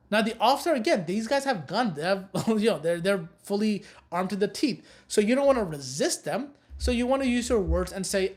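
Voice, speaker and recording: A woman's voice: medium pitch, lively intonation, fairly quick, hardly any pauses, a little mellow. A woman teaching a recorded know-your-rights course, giving blunt and emphatic advice and repeating her key warnings. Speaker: course instructor.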